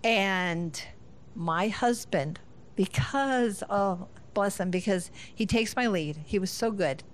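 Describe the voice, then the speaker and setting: A woman's voice: mid-range voice, slow pace. A middle-aged woman from Northern Ohio, a guest speaker, telling a family story with laughter and acted-out lines of dialogue. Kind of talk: storytelling talk.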